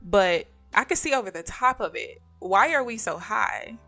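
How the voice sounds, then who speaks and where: A woman live-streaming her day trading talks in a bright, forceful voice, chatting casually with her viewers. She tells stories with lots of energy and laughter while commenting on her trades. Faint music plays in the background. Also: mid-range voice, normal speed. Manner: animated storyteller who addresses viewers as "y'all" and laughs often.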